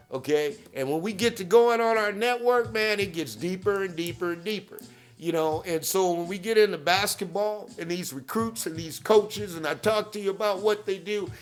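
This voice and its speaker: A man hosting a podcast who pitches hard, repeats catchphrases, keeps asking "okay?" and shouts out people by name. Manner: hype-driven, repeats catchphrases, peppers with "okay?". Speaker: podcast host. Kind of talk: promotional monologue.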